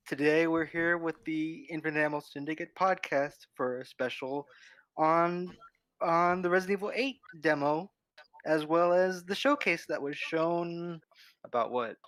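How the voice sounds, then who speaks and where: A man hosting a casual gaming podcast, relaxed and self-deprecating as he brings in his guests. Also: on the high side, no room sound. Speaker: podcast host.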